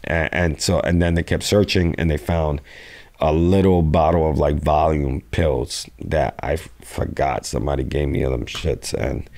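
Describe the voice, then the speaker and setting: A young man from New York City telling stories as a podcast guest, profane and animated, acting out quotes. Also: extremely low pitch, normal speed. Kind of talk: casual storytelling interview.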